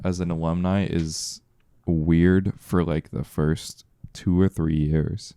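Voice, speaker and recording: A young man co-hosting a casual podcast, tossing out sarcastic deadpan quips. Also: sits low, slow pace, smooth, no room sound. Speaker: podcast co-host. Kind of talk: casual chat.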